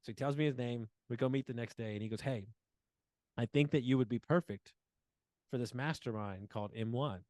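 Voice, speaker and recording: A man's voice: medium pitch, darkish tone, dry recording. A man in his forties telling a long personal story as a podcast guest, acting out quoted dialogue with plenty of fillers. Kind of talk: casual storytelling interview.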